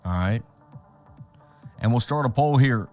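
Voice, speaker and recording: A man hosting a crypto trading livestream, talking in an excitable hype-man way with repeated catchphrases. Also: medium pitch, unhurried, soft background music. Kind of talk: hyped livestream chat.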